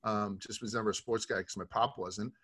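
A man's voice: on the low side, steady tone, brisk, a bit bright, slightly rough. A middle-aged man from Brooklyn, a podcast guest telling stories in a rambling, profane, casual way. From Brooklyn, New York.

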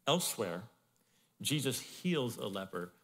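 A male pastor giving a sermon in a conversational, animated way, with asides to the congregation. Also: mid-range voice, unhurried, big-room sound. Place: church in Arizona.

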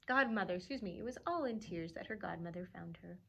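A woman librarian reading a storybook aloud to children, expressive and animated, pausing to chuckle at the pictures. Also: on the low side, creaky, muffled recording.

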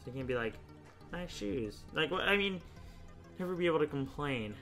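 A young man hosting a casual gaming video, chatting and thinking out loud, often laughing as he rambles through choices. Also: on the high side, lively intonation, quick pace, faint music behind. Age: young adult. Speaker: YouTube host playing a choice game.

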